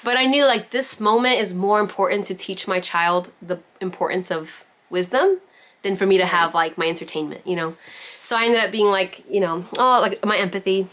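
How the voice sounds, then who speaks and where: A woman leads a parenting class over a video call. Her voice sits at a middle pitch, and she talks in a loose, chatty way, stringing thoughts together with "like" and "you know". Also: normal speed, fairly bright tone. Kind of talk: casual virtual class teaching.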